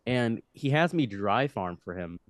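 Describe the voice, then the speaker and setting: In clean studio sound with no room echo, a young man in his twenties, a podcast guest, tells an animated, wandering story at a measured pace. His voice sits on the low side, and he keeps restarting his sentences.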